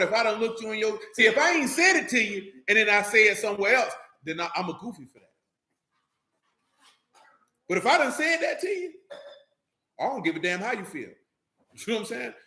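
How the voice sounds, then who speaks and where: A man's voice: high-pitched, bright, forceful tone, roomy sound. A man preaching an informal sermon to his congregation, reading scripture and breaking off into loose, slangy asides.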